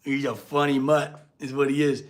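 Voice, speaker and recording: A man's voice: medium pitch, flat delivery, moderate pace. A man streaming from his metal workshop, chatting loosely with viewers and fussing over his dogs. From California. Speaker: blacksmith streamer. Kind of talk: casual livestream chat.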